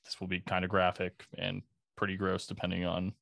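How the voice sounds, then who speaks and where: A man's voice: deep voice, completely flat delivery, a little fast, gravelly, a bit bright, dry recording. A man hosting a podcast, casually narrating a case with frequent swearing and dry sarcasm. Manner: conversational, sprinkled with profanity and dry sarcasm. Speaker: podcast host. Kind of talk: casual true-crime narration.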